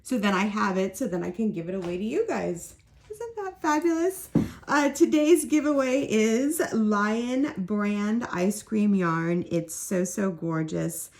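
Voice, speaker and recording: A woman's voice: medium pitch, animated, measured pace, darkish tone. A middle-aged woman chatting casually to camera as a crochet vlogger, upbeat and rambling.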